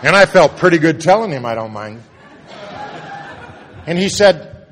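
A man sharing a personal recovery story at a meeting, earnest, moving between loud and hushed moments. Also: fairly high pitch, big pitch swings, measured pace, noisy background. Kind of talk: personal testimony talk. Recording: long reverb of a hall.

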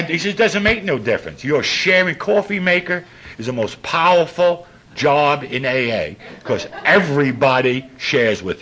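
An older man, telling profane stories to a laughing recovery-meeting audience in a gruff voice. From New York. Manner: gruff and profane, with big swings in pitch and loudness. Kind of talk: storytelling talk to a live audience.

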